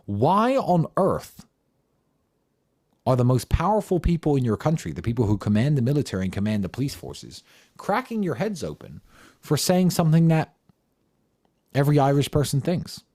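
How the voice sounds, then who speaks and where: A man's voice: mid-range voice, very animated, moderate pace, long pauses, warm tone. A man giving an impassioned, combative monologue in answer to audience questions, firing off rhetorical questions and swearing for emphasis.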